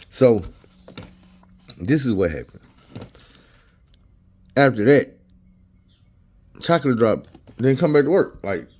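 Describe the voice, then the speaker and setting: Deep-voiced man telling a story, slangy and animated. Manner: animated, slangy, profane, acts out quotes. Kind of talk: casual storytelling.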